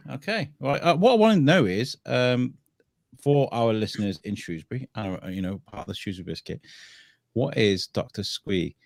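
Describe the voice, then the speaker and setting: A man's voice: medium pitch, lively intonation, moderate pace, creaky, no room sound, clean studio sound. A man hosting a podcast livestream, upbeat and playful like a quiz-master. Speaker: podcast host. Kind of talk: casual livestream chat.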